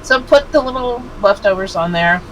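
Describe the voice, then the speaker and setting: A woman's voice: mid-range voice, animated, normal speed, low-quality recording. A woman co-hosting a casual live stream, chatting in a playful, insistent way. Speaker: co-host.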